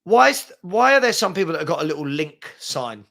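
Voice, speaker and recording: An English man co-hosting a live football stream, with a voice a little higher than most. He talks casually about the match and rambles, with plenty of fillers and restarts. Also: big pitch swings, a little fast, gravelly, a bit bright. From England.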